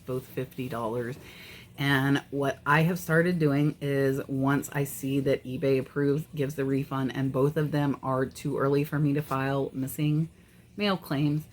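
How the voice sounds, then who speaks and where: A woman reseller chatting casually on her vlog, frank and easily exasperated. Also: extremely low pitch. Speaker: eBay reseller.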